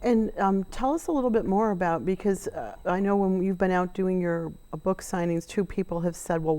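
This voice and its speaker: A woman's voice: on the low side, a little mellow. A woman hosting a TV interview, supportive, summing up her guest's points. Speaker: TV host.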